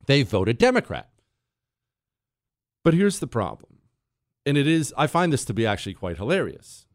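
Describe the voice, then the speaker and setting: A man's voice: medium pitch, big pitch swings, normal speed, dry recording, studio quality. A middle-aged American man hosting a talk radio show, delivering an opinionated, sarcastic monologue full of restarts and asides. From United States. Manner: combative, sarcastic, rambling with restarts. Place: radio studio.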